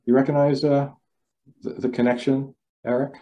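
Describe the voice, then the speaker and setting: A man's voice: mid-range voice, little pitch movement, normal speed, highs cut off. A man giving a critical thinking talk over a video call, loose and repetitive, often asking his listeners questions. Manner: loose, repeats words, asks the audience questions. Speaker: lecturer. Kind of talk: online talk to a club.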